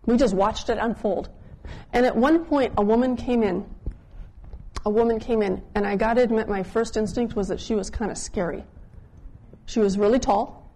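Mellow-voiced woman preaching a story. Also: fairly high pitch, normal speed. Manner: conversational, drops softer when quoting others. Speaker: pastor. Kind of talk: sermon storytelling.

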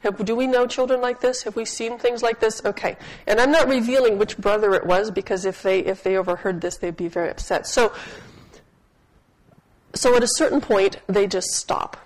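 A woman's voice: fairly high pitch, fairly even intonation, fairly quick, rough recording. A woman preaching a sermon in a chatty, humorous storytelling way, often asking her listeners questions. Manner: asks the audience questions.

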